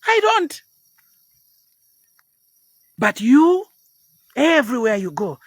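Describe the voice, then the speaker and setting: A man in his fifties preaches bluntly in a live motivational talk. His pitch swings all over the place as he pushes his point. The sound is close and dry, with no room around it. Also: big pitch swings, a little slow, no room sound. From Zambia. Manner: blunt, preachy, drops into sudden quiet asides. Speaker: motivational speaker.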